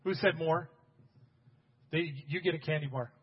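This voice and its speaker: A man preaching a sermon as pastor, talking straight to his congregation and building to loud, emphatic bursts. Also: a little high, normal speed, big-room sound, highs cut off, a little hiss or hum.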